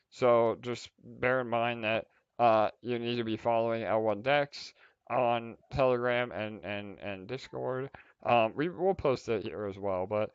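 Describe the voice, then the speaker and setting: A man's voice: fairly low pitch, clean tone, no room sound, lo-fi sound. A man hosting a livestream community update for a crypto project, upbeat and full of fillers and restarts.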